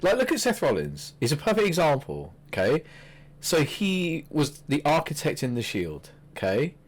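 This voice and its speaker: A man's voice: a little high, normal speed. Chatty man talking wrestling. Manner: chatty, animated, swears freely. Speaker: podcast co-host. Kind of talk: casual wrestling chat.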